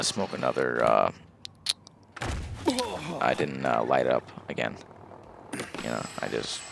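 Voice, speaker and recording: A deep, gravelly young man rambles through a personal story in an unhurried, easygoing way. His pitch swings widely as he talks, full of fillers and the odd curse. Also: fairly bright tone, slight background noise. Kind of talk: casual storytelling.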